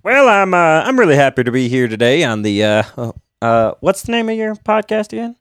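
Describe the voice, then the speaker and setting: A man's voice: on the high side, big pitch swings, a little fast, no room sound, clean studio sound, voice pushed up. A man doing a stammering, flustered podcast guest. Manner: hesitant, stammering, many fillers.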